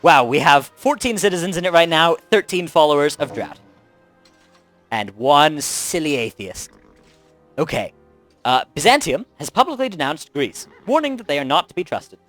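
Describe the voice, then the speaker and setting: A young man talks through his strategy game in an animated, chatty way, tossing off wry little asides. His voice sits a bit high and swings widely in pitch. The sound is dry and close, with faint game music playing underneath. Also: a little fast, no echo. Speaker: Let's Play host. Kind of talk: casual gameplay commentary.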